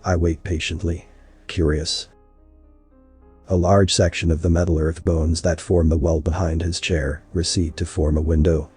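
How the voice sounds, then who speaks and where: A man narrating a first-person story in a measured, steady way. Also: low-pitched, husky, faint music behind.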